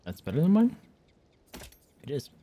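A man giving casual, excitable commentary while playing a game on stream, swearing and talking to himself. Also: fairly high pitch, moderate pace, slight background noise.

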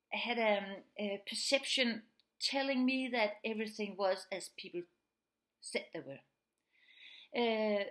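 Woman speaker, teacher, fairly high voice, earnest, explains plainly. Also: fairly bright tone. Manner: earnest, explaining plainly, often acts out quoted speech. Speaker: teacher of pupils with autism. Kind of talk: spoken presentation.

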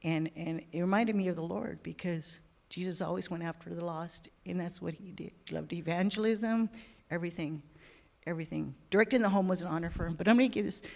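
A woman's voice: fairly low pitch, brisk, gravelly. A woman giving a heartfelt, sometimes tearful spoken tribute during a church service, telling stories with feeling. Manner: emotional, tearful at times, warm storytelling.

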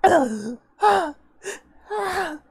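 A woman streamer reacting live at her desk mic, her voice leaping between low mutters and high shrieks. She drawls her words slowly and swears casually at her chat. The sound is close and completely dry. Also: gravelly, no echo. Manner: excitable, bursts into laughter and loud exclamations.

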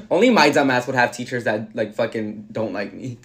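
A man's voice: medium pitch, lively intonation, a little slow, a bit bright. A young man chatting in a casual get-ready-with-me vlog, telling a story in a sassy, profane way. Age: young adult. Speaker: influencer.

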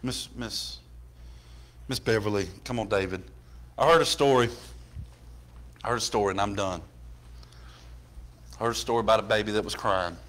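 A pastor preaching a sermon, building from plain storytelling to impassioned shouting in a church. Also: male voice, on the low side, moderate pace, long pauses.

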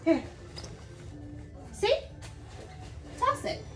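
A woman's voice: very slow, fairly bright tone, reverberant, soft background music. A mother coaching her young child through play, coaxing and encouraging him with short, repeated cheers. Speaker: mother vlogger.

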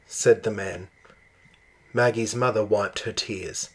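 A man reading a children's picture book aloud in a slow, expressive storytelling manner. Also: lowish voice, slightly rough. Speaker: storybook reader.

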